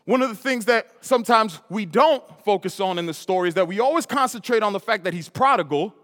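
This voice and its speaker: A man's voice: high-pitched, expressive, fast talker, a bit bright. Man preaching a story-driven sermon in a big hall. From New York. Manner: storytelling, repetitive emphatic phrases. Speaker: pastor. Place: church hall. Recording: reverberant hall.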